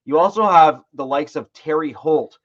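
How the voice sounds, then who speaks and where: A man's voice: a little high, moderate pace, highs cut off. A man co-hosting a sports podcast, rambling through his points with frequent restarts. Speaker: podcast co-host. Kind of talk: casual sports chat.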